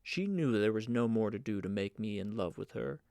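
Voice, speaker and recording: A man narrating an audiobook of a novel in an even, measured reading. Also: lowish voice, vocal fry, dry recording. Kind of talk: scripted narration.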